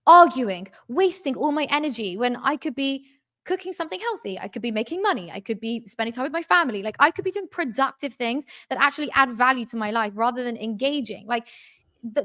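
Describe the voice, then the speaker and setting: Woman guest, slightly high voice, emphatic and opinionated, fires off rhetorical questions. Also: a bit bright. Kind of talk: casual podcast talk.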